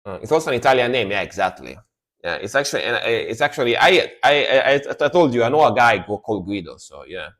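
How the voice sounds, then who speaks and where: Male reaction streamer, casual live talk, animated and lively delivery, quick to jokes. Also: mid-range voice. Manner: excited, swears, slips into joke impressions.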